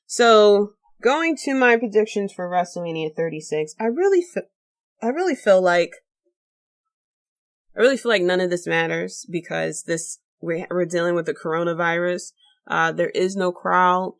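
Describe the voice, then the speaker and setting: A woman with a fairly low voice hosts her own podcast alone. She talks casually and rambles a little, full of fillers and restarts, sounding tired late at night. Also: lively intonation, moderate pace. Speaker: podcast host. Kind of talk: casual solo podcast talk.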